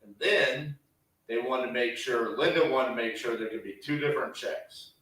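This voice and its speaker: A man in casual office chat, briskly recounting what happened on a deal step by step. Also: medium pitch, a bit bright, heavy reverb, distant mic, low-quality recording. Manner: brisk storytelling, relays events step by step. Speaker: business partner.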